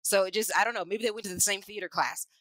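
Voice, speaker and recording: A woman co-hosting a casual chat, animated and quick to laugh. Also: medium pitch, dry recording, low-quality recording. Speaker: podcast co-host.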